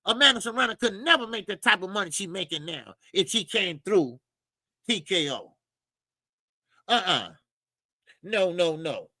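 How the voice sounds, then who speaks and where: A man's voice: high-pitched, gravelly, sharp tone, no room sound, rough recording. A male boxing show host, ranting heatedly and profanely on a livestream.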